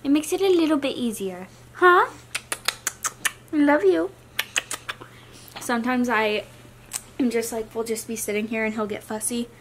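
A young adult woman vlogger talking casually to the camera in a chatty, rambling, soft-spoken way. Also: fairly high pitch, a little fast, noisy background.

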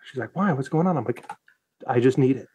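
Man, from the United States, podcast storyteller, profane, acts out his own lines, lively swooping voice, dry close sound. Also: medium pitch, brisk, slightly rough, no room sound. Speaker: guest, Navy veteran.

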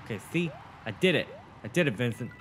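A man's voice: medium pitch, lively intonation, fast, a bit bright, faint music behind. A young man commentating his own gameplay, swearing, boasting and getting frustrated as he talks to a friend. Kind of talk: swearing let's-play commentary.

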